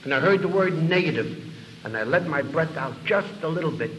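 An older man tells his recovery story to an audience, speaking quickly and animatedly in a fairly high voice. He rambles, repeats words, uses fillers, and acts out the dialogue. The lo-fi recording was made in an echoey hall with faint room noise.

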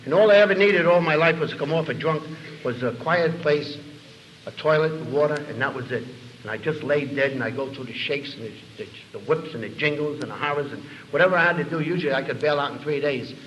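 A man's voice: a little high, quick pace, fairly bright tone, lo-fi sound. An older man telling his own recovery story to an audience, rambling and acting out the dialogue. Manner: rambling, with repeated words and fillers. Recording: echoey hall with faint room noise.

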